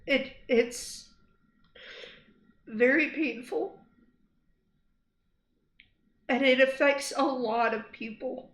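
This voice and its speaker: Young woman streamer, high voice, slow and halting, upset and angry, in an echoey room. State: shaken after crying. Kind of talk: emotional livestream address. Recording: roomy echo.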